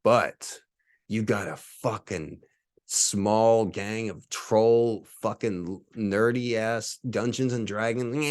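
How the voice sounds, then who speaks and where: A man's voice: fairly low pitch, slow, a little mellow, no echo, studio quality. A man in his forties hosting a podcast, ranting in a profane, boastful, combative monologue. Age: 40s. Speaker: podcast host.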